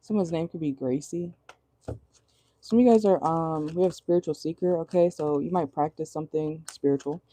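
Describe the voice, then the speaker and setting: A woman's voice: low-pitched, a little fast, mellow, a little hiss or hum. A woman giving a casual tarot reading from inside a car, chatty and rambling, laughing often and swearing casually. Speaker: tarot reader.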